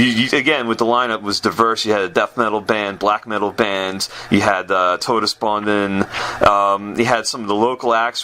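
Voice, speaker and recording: A man hosting a radio interview, asking halting questions full of restarts. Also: lowish voice, sharp tone, rough recording. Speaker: radio host, DJ. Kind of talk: casual interview chat.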